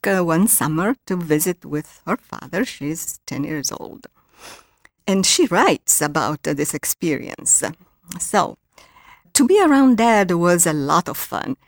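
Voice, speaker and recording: An older woman from Italy with an Italian accent, a guest author who talks haltingly with many ums and reads from her novel. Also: on the low side, no echo, clean studio sound. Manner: hesitant, many ums and uhs. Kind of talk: interview, reading from her novel.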